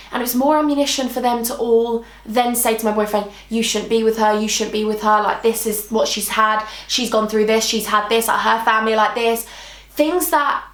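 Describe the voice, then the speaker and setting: A British woman in her twenties telling a storytime vlog, emotional and chatty, full of "like" and repeated phrases. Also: a little high. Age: 20s. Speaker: vlogger. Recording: echoey room.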